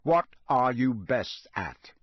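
A man voicing a gruff, blunt old male wizard in an audiobook reading, growling his lines in a husky voice. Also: mid-range voice, big pitch swings, slow pace, no echo, studio quality, heavily acted.

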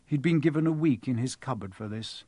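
A man reading a novel aloud as an audiobook, in an expressive, animated storytelling manner. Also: medium pitch, fairly quick, no echo. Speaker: narrator. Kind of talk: audiobook narration.

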